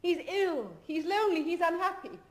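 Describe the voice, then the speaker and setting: An actress playing an emotional middle-aged aristocratic woman in a 1970s stage drama, swinging between tender coaxing and shrill mockery. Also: normal speed. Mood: wistful.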